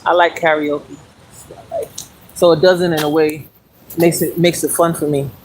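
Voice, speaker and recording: A speaker in their forties chats loosely on a live stream, drifting from one thought to the next. The talk is casual and unhurried, recorded on a phone while walking outdoors. A faint bed of noise sits under the voice. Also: medium pitch, steady tone, a little mellow, rough recording. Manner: chatty and meandering, talks while walking and exercising. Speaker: livestreamer. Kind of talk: rambling casual live chat.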